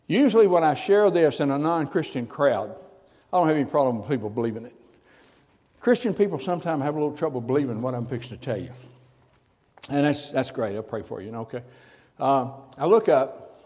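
An older man tells his story to an audience as a testimony, dropping from loud to a hushed near-whisper for effect. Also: fairly high pitch, big-room sound. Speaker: speaker giving a testimony. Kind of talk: dramatic personal storytelling to an audience.

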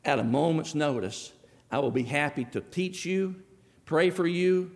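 Folksy storytelling preacher. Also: male voice, a little high, animated, a little slow. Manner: folksy storytelling, acts out dialogue. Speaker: pastor. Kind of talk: sermon. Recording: long hall reverb.

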